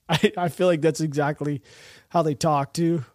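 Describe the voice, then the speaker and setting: A man's voice: a little high, steady tone, unhurried, dry recording, studio quality. A man hosting a podcast, giving casual, mocking commentary with a sarcastic edge and frequent laughter. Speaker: podcast host.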